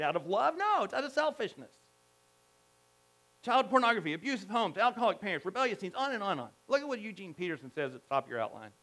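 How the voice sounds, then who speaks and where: High-voiced man preaching a sermon. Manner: emphatic, animated preaching with repetitions and restarts. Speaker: pastor.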